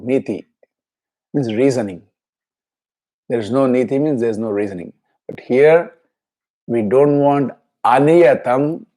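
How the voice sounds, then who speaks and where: Slow-speaking man teaching scripture. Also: medium pitch, warm tone. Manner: slow, deliberate explaining, chants verses twice. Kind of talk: scripture class lecture.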